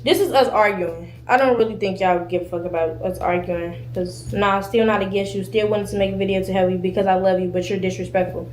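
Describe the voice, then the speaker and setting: A young woman tears through a heated rant at speed, swearing freely and acting out both sides of an argument. Her voice has a middle pitch. The sound is roomy and echoey, with a faint hiss underneath. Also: fairly even intonation, fairly quick, few pauses. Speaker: streamer telling a story in a clip. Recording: echoey room with faint noise.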